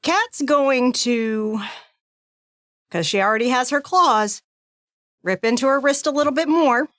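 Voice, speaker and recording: A woman's voice: sits high, measured pace, a bit bright, no room sound, clean studio sound. A woman player in a tabletop role-playing game, talking casually with a giggly, playful manner.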